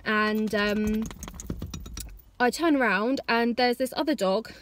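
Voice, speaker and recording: A woman's voice: on the high side, takes it slowly. A woman in her twenties, vlogging in a rambling, chatty way and scolding her dogs. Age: 20s. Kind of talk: casual vlog chat. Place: outdoors in woods, later at home.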